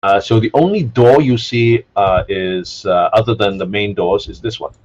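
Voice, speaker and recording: A man narrating a tabletop game as game master, pausing often with fillers. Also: fairly low pitch, dull audio. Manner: halting, filler-heavy narration.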